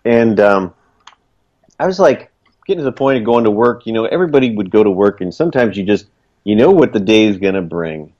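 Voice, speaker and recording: A man's voice: on the low side, animated, a little fast, a little mellow. A man telling his story in casual, earnest talk, rambling with lots of fillers. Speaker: guest, small business owner. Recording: dull lo-fi recording.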